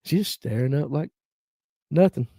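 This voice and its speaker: A man's voice: a little high, expressive, measured pace, gravelly, warm tone, breathy edge, dry recording, clean studio sound. A man in his fifties with a North Georgia Southern accent, hosting a casual livestream chat, reading viewer comments and telling folksy family stories. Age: 50s. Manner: folksy storytelling, acts out relatives' voices. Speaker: livestream host.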